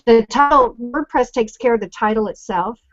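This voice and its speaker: A woman's voice: a little high, moderate pace, no room sound, soft background music. A woman co-hosting a casual online discussion, chatty and explaining with examples over a video call. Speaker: co-host. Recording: dry, lo-fi call audio.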